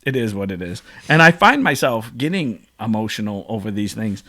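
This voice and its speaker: A man's voice: fairly low pitch, big pitch swings, normal speed, bright, forceful tone. A man hosting a podcast, telling stories in an emotional, rambling casual chat. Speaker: podcast host.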